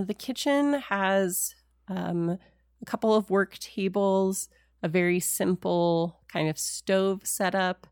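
A woman narrating as game master of a tabletop game, describing scenes in a relaxed way with many pauses and fillers. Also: lowish voice, clear, resonant tone, no room sound, studio quality.

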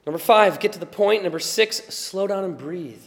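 A male preacher giving a conversational sermon, sometimes quiet and chatty, sometimes loud and emphatic, and he laughs often. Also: high-pitched, moderate pace, long reverb tail. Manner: animated, swings from quiet asides to loud emphatic shouts.

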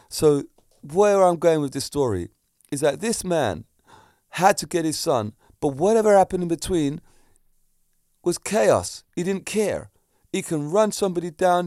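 A man's voice: on the high side, no echo, studio quality. A middle-aged man, a kickboxing instructor, telling a story casually to camera and acting out the voices in it. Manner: animated, acts out voices in his stories.

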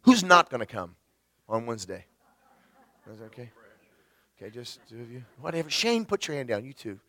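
A middle-aged man preaching a chatty, humorous sermon, getting over a cold and clearing his throat now and then. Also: mid-range voice, sing-song, brisk, fairly bright tone. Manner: humorous, chatty, often restarts, teases the congregation. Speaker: pastor. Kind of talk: casual conversational sermon.

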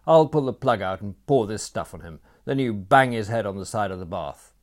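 A man's voice: fairly low pitch, expressive, normal speed, lightly acted. A man voicing a bad-tempered young aristocrat who snaps and barks orders, in a storybook reading. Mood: irritable. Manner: snapping, loud and irritable.

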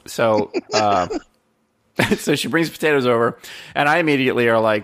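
A young man telling a story in casual chat, swearing constantly and animated. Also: mid-range voice, fairly quick. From New York. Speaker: podcast co-host.

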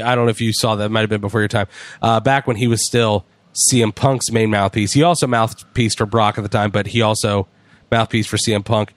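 Guy hosting a chat show, animated retelling, dry close sound, mid pitch. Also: no room sound. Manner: animated storyteller, acts out quotes. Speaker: podcast host. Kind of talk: casual chat recapping wrestling.

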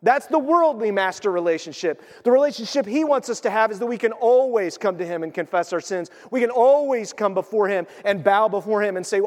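Animated high-voiced male preacher, reverberant hall. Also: brisk, hardly any pauses. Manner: animated storytelling, acts out quoted voices. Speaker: pastor. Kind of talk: sermon.

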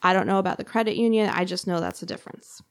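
A woman's voice: on the low side, sing-song, rapid-fire, dry recording, clean studio sound. A woman hosting a podcast, recounting a true crime story in a casual, chatty way with frequent fillers. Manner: conversational, lots of "like" and fillers.

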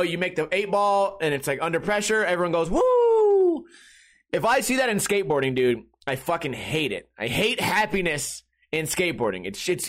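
A man's voice: high voice, a bit bright. A young man hosting a podcast, rambling in a casual, jokey, profane monologue. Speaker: podcast host.

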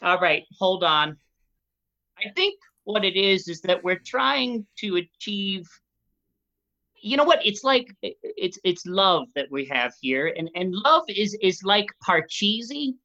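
A woman's voice: mid-range voice, very animated, slow pace, bright, forceful tone, exaggerated voice. A woman playing an eager male board game expert who rambles enthusiastically and jumps from idea to idea, heard on a dull, lo-fi recording. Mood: enthusiastic.

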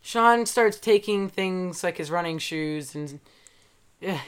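Slow-talking woman in casual chat. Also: lowish voice. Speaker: podcast co-host.

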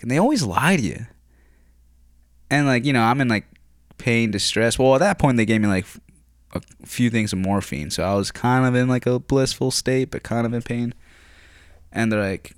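A young man with a low voice tells a rambling story in a loose, profane ramble. He sounds close to the mic in a dry room with no echo. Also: lively intonation, fairly quick, smooth. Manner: rambling, profane, swears constantly. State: recovering from surgery. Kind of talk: casual storytelling.

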